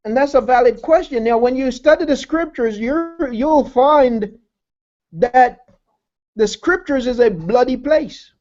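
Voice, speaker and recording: A man's voice: extremely high pitch, unhurried, a little mellow, dull audio. A man preaching a sermon who repeats key phrases, asks his listeners rhetorical questions and calls them family.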